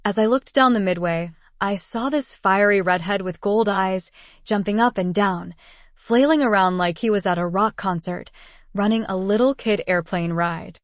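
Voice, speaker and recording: A woman's voice: mid-range voice, moderate pace, no room sound. A woman casually narrating a first-person story in an unpolished reading style.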